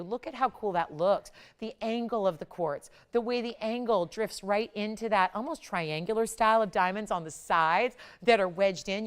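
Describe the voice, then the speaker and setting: A woman's voice: medium pitch, clear, resonant tone. A woman hosting a live jewelry shopping broadcast, with upbeat, pushy sales patter. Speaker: shopping channel jewelry host.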